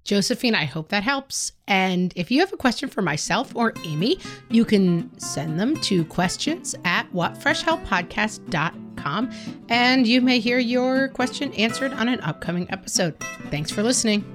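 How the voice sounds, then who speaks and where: A woman's voice: a little high, expressive, normal speed, music in the background. Frank middle-aged woman giving advice. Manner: frank, candid and conversational. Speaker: podcast host answering a listener question. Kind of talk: casual advice talk.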